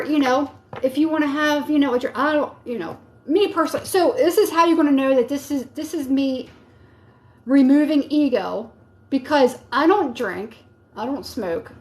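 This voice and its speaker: A woman's voice: high-pitched, normal speed. A woman giving a live tarot reading in a casual, encouraging, rambling way with many fillers. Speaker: tarot reader.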